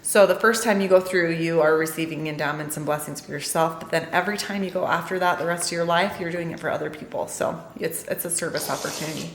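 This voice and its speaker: Sex: woman. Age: middle-aged. Style: casual vlog storytelling, chatty and rambling. Pitch: slightly low. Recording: roomy, with faint background noise. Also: fast, hardly any pauses. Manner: chatty, rambling, with many fillers. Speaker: family vlogger.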